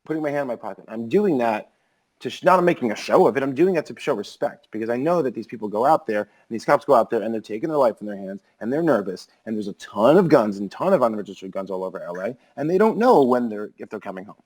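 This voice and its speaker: Brief: rapid-fire male podcaster, rambling storyteller, heavy on filler words. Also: mid-range voice, lively intonation, darkish tone, rough recording. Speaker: podcast co-host. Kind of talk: casual podcast chat.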